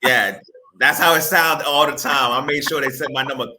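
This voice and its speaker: A real estate broker from the Boston area of Massachusetts tells his story as an interview guest. His medium-pitched voice moves at a moderate pace, and he speaks in an animated, casual way, repeating words and using informal grammar.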